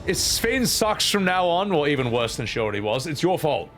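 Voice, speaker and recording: A young man casually commenting on a game stream, teasing his chat and laughing at himself. His voice is a touch high and very lively in pitch, and soft game music plays underneath. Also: fairly quick. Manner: joking, self-mocking, chats to his audience.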